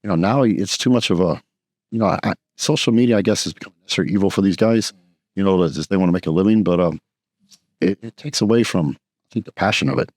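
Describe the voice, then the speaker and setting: A man's voice: sits low, a little mellow. A man, a podcast guest telling blunt, profane stories in casual chat. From Texas. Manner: blunt, profane, fast anecdotes. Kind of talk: casual storytelling.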